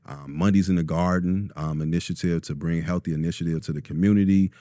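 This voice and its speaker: Man, low warm voice, relaxed storytelling guest. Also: fast, no echo, clean studio sound. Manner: relaxed storyteller, many ums, acts out quotes. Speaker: store owner, guest. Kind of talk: casual interview talk.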